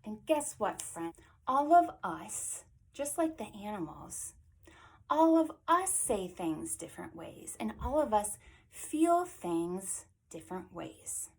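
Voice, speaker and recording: A woman reading a picture book aloud to young children, animated and sing-song, sometimes dropping into soft whispers. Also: medium pitch, takes it slowly, breathy edge. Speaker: children's librarian. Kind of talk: storytime read-aloud.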